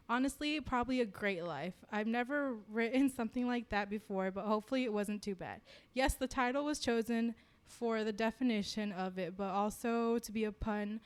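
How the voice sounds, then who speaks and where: A woman's voice: on the high side, clear, resonant tone. A young woman co-hosting a casual podcast, chatting and laughing, and reading a listener's story aloud. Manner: giggly, animated. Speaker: podcast co-host.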